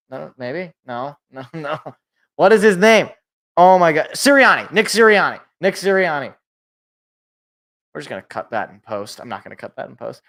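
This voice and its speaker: A man hosting a sports podcast alone, ranting in a rambling, animated way and cutting himself off. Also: on the high side, smooth. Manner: rambling, animated, self-interrupting. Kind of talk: casual solo sports rant.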